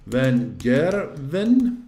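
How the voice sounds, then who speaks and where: A man hosting a casual live stream, rambling, swearing freely and getting excitable. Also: mid-range voice, very slow, echoey room.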